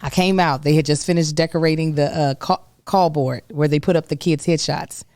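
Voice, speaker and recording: A woman hosting a casual chat, a parent telling lively anecdotes. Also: deep voice, brisk, no echo, clean studio sound. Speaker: parent and vlog host.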